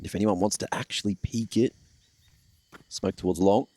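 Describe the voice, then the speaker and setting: A man giving calm, analytical color commentary on a live esports match. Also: fairly low pitch, normal speed, dry recording.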